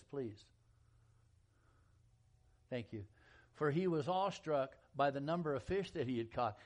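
A man preaching a sermon in a folksy, animated storytelling style, acting out quotes and jokes. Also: mid-range voice. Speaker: pastor.

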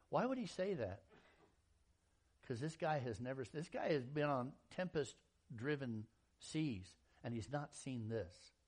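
A man preaching a sermon in a folksy, animated storytelling style, acting out quotes and jokes. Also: on the high side, measured pace. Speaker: pastor.

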